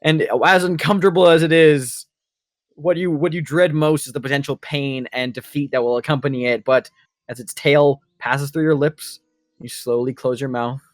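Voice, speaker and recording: A man narrating a tabletop role-playing session as its game master, slow and drawn out in the grim moments. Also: fairly high pitch, steady tone, no room sound, clean studio sound, soft background music. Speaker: dungeon master.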